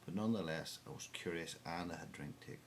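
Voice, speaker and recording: Northern irish guy spinning a yarn, dry humor, lowish voice. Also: quick pace, creaky, a little hiss or hum. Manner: lively, dry storytelling with voices for characters. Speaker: storyteller. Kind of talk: spoken tall tale.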